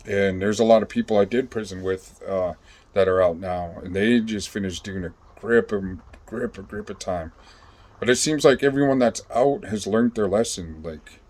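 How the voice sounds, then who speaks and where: Man, lowish voice, loose storytelling, lots of restarts and cursing. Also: a little mellow. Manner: rambling, profane, full of fillers and restarts. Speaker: vlogger telling his own story. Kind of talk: casual storytelling.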